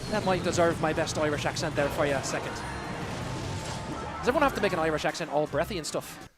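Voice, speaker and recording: A man with a slightly high voice calls a live esports match, chatty and excitable. He jumps between the plays and shout-outs to chat. Music plays clearly underneath him. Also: quick pace. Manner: chatty, excitable, thanks viewers by name. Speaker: esports caster and streamer. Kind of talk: live game commentary mixed with chat reading. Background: background music.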